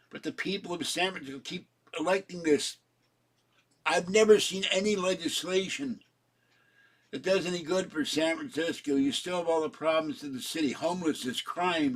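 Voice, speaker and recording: A man giving a rambling home vlog monologue, ranting and often laughing. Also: fairly high pitch. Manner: ranting, frequently breaking into laughter. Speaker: vlogger. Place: at home indoors.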